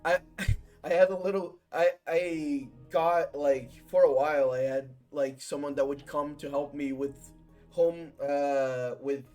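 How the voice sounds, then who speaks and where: A man's voice: on the high side, fairly even intonation, unhurried, a little mellow, soft background music. A young man in his twenties, a podcast host telling a story in rambling casual chat, swearing often. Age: 20s. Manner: rambling, swears a lot, acts out quotes.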